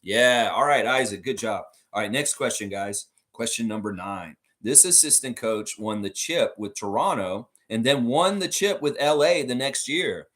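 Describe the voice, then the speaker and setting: A man's voice: medium pitch, lively intonation, moderate pace, few pauses, a bit bright. A middle-aged American man hosting a casual trivia livestream, reading chat comments aloud and laughing often. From United States.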